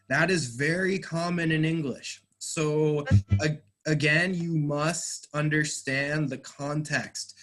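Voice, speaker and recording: Patient man teaching English, slow delivery. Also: on the high side, a bit bright. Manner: patient, clear explaining with encouraging praise. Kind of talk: online class recap.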